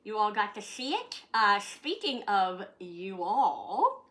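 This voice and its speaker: A woman's voice: medium pitch, big pitch swings, takes it slowly, a bit bright. A woman from Canada chatting casually in her vlog, talking to her dog and swearing freely. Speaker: vlogger. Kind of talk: casual chat.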